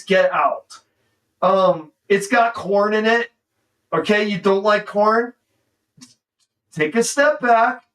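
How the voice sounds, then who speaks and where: In casual, excitable commentary on a film he's streaming, this man with a high voice says "dude" constantly. Because he's seated a little away from the microphone, his voice comes across slightly distant.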